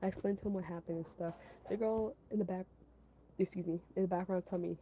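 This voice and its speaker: Rambling, mellow-voiced woman telling a story. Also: on the low side, steady tone, fast talker, a little hiss or hum, rough recording. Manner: rambling, filler-heavy, repeats herself, giggles; talks to her chat between story parts. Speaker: storytelling streamer. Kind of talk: casual storytime chat.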